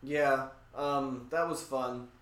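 A man's voice: mid-range voice, steady tone, slow pace, fairly bright tone, reverberant. A man co-hosting a podcast, speaking in a laid-back, hesitant way in casual chat. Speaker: podcast co-host.

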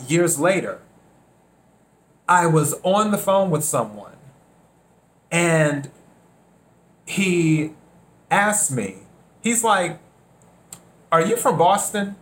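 A man from South Carolina hosting a reflective solo podcast, unhurried, repeating his phrases and acting out bits of dialogue. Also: a little high, fairly bright tone. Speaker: podcast host.

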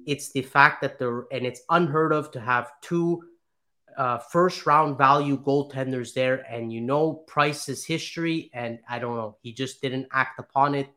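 A man's voice: medium pitch, measured pace, sharp tone. A man on a sports podcast chatting casually, hesitant and rambling with many restarts. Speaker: podcast panelist.

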